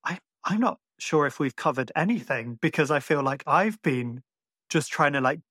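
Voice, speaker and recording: A man's voice: a little high, expressive, moderate pace, bright, forceful tone, husky, no echo, clean studio sound. A man from Ireland with a mixed Irish accent, hosting a podcast and chatting casually with lots of fillers. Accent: Irish, mixed and hard to place. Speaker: podcast host. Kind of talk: casual chat.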